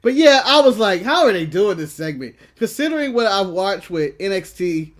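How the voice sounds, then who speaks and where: A man with a notably high voice co-hosts a casual wrestling podcast. He chats in an animated way, laughing often and acting out quotes as he tells stories. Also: normal speed. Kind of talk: casual chat.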